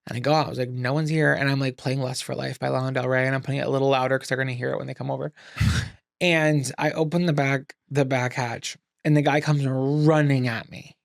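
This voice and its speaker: A young man co-hosting a podcast, telling stories with animated, self-mocking drama. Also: mid-range voice, fairly quick, vocal fry, no room sound, studio quality. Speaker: podcast co-host. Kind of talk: casual storytelling chat.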